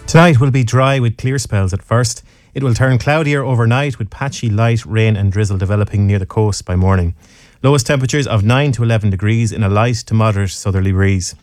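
An Irish man reading the weather forecast and introducing a farming radio show in a steady, measured way. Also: lowish voice, no echo, clean studio sound. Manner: measured, steady broadcast delivery.

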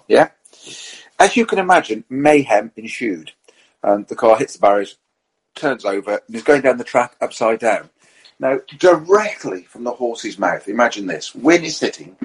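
A man's voice: on the low side, breathy edge, rough recording. A man telling racing anecdotes in a casual chat, quoting people as he goes. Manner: animated storyteller who quotes others in their own voice.

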